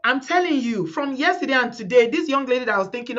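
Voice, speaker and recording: A middle-aged woman with a Nigerian accent speaks fervently to her live-stream audience, voice pitched a little high. She often repeats words and quotes others as she talks. The audio is slightly muffled. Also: fairly quick, hardly any pauses. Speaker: host of a live community stream. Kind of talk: emotional live-stream talk to viewers.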